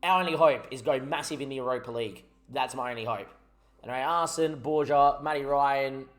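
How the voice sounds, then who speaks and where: A young man who makes gaming YouTube videos speaks at medium pitch and a little fast. He rambles in frustration over his own gameplay and swears often.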